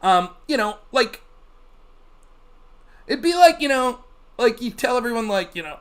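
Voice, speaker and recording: A male livestream host talks in a loose, swearing rant, his pitch swooping up and down as he gets worked up. The delivery stays casual and unscripted, like a streamer talking straight to his chat. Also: measured pace, pauses often. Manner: animated, profane ranting.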